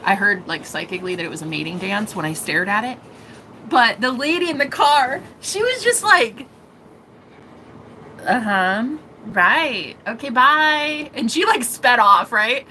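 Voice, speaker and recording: A woman tells a rambling, emotional story for her vlog, swearing freely as she goes. Her voice is bright and tense and sits a little high. A faint hiss runs under the recording. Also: animated, moderate pace, poor audio. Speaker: vlogger.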